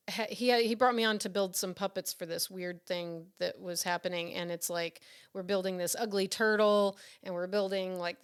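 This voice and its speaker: A woman's voice: mid-range voice, clean tone. A woman being interviewed about her work as a puppeteer and director, telling stories casually with frequent laughs, fillers and restarts. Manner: animated, laughs often, many fillers and restarts.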